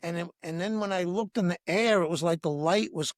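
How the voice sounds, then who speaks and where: A man's voice: high voice, fairly quick, no echo, clean studio sound. A man, a breathwork teacher and podcast guest, telling a personal story and acting out the dialogue. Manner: lively anecdote with acted-out dialogue. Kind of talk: storytelling in conversation.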